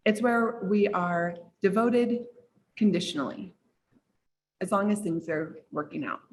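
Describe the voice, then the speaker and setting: Animated woman telling a story. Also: a little slow, slight background noise. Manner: animated, dramatic pitch jumps, frequent "like". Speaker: business coach. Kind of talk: storytelling to a group.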